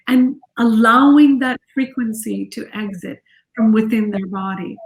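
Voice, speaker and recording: A middle-aged woman, a parenting expert, explaining her ideas calmly and gently in an interview, repeating her key phrases. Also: on the high side, unhurried. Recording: echoey room.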